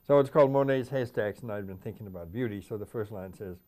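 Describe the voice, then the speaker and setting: A man's voice: fairly low pitch, quick pace, warm tone. An older man, a poet, talking reflectively in an interview and reading his own poems aloud, repeating stanzas. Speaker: poet guest. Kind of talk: interview talk and poetry reading.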